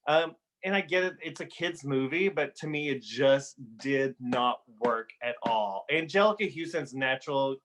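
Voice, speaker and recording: A man's voice: medium pitch, moderate pace, few pauses, fairly bright tone. A podcast host, a man, chatting casually and giving opinionated reviews with plenty of fillers. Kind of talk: casual chat.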